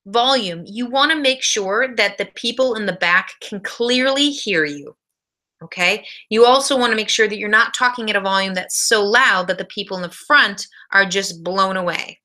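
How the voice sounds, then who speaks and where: A woman's voice: mid-range voice, moderate pace, pushed and bright. A woman teaching a college speech class in a recorded video lecture, giving direct practical tips.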